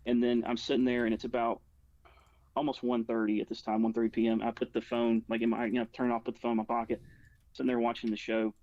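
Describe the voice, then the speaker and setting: A man's voice: mid-range voice, mellow, dull audio. A man talking as a guest, telling a personal story in a rambling way, full of "like" and restarts. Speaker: guest recounting a personal experience. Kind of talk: casual spoken storytelling.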